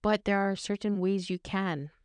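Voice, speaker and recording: A woman's voice: medium pitch, fairly even intonation, normal speed, smooth, dry recording, studio quality. A woman hosting a casual faith podcast, chatty and rambling with fillers. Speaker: podcast host.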